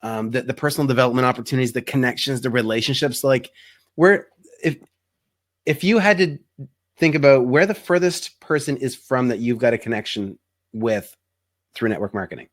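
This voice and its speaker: A man's voice: medium pitch, a little fast. A man hosting an interview podcast, affirming his guest and addressing listeners directly. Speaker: podcast host.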